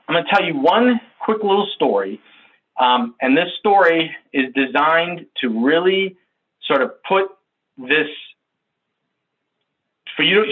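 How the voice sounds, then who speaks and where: A man giving a sales training talk over a video call, telling a story in an animated, conversational way and checking in with his audience. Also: on the high side, breathy edge, phone-quality sound. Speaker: workshop presenter.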